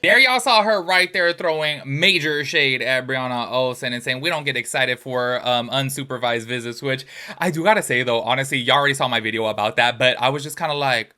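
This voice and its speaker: A young man hosting a casual gossip commentary channel, talking in an animated way with lots of filler words. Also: medium pitch, a little fast.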